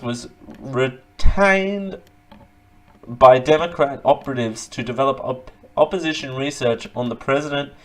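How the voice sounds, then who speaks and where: Male host, mid-pitched, reads news with fumbles and wisecracks. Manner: stumbling, joking asides, frequent uh fillers. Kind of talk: casual news commentary read aloud.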